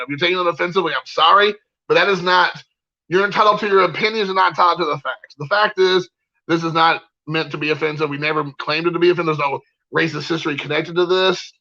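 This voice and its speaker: Ranting heatedly and circling back on the same points, this male card-collector vlogger fills his speech with fillers. His voice is on the high side, creaky, pushed and bright, captured with lo-fi sound.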